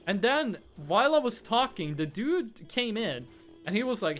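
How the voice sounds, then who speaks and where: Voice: medium pitch, big pitch swings, normal speed, fairly bright tone, soft background music. A young adult streamer, casually chatting while gaming and telling rambling, profane stories. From Norway. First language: Norwegian.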